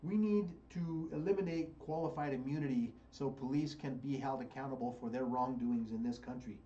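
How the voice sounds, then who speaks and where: A man's voice: mid-range voice, fairly quick, dark tone, muffled recording. An American man hosting a radio show, giving fiery political commentary and repeating phrases for emphasis. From United States. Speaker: radio host.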